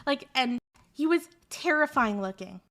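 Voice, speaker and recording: A woman streamer telling a story in a casual, animated, rambling way with lots of fillers. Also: high-pitched, unhurried.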